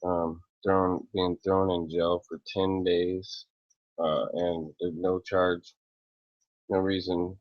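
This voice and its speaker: A man in a rambling, profane, angry rant to camera who clears his throat often, recorded dull and lo-fi. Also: low voice, level tone, slow pace, no echo. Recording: dull lo-fi, dry close sound.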